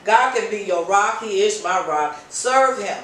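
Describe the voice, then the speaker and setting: A woman's voice: mid-range voice, expressive, a little slow, fairly bright tone. A woman preaches with fervor, circling back to the same urging phrases again and again. Her voice sits back from the microphone in a heavily echoing space. A faint hum of background noise runs underneath. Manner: passionate, repetitive exhortation. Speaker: host. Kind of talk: informal preaching talk. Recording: very echoey, voice distant from mic.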